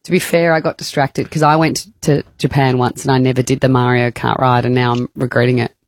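A woman's voice: rumbling low, level tone, fairly quick. A woman co-hosting a radio show, chatty and curious. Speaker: radio co-host. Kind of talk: casual radio banter.

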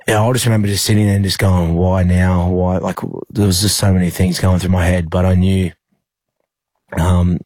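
Speaking haltingly, full of fillers and false starts, a young Australian rugby league player shares a personal story in an interview. His pitch is low, the tone darkish, with no echo.

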